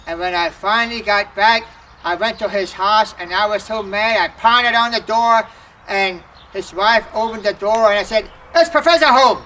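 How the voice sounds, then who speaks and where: A man's voice: high-pitched, steady tone, moderate pace, pushed and bright, slight background noise. A man performing a folksy comic stage monologue at an outdoor folk festival, joking and mixing in dialect phrases. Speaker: festival entertainer. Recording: distant outdoor festival recording.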